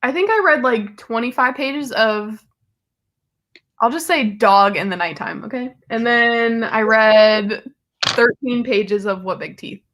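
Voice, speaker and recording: A young woman co-hosting a casual livestream chat, telling stories in an animated, lively manner. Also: fairly high pitch, unhurried. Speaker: livestream co-host.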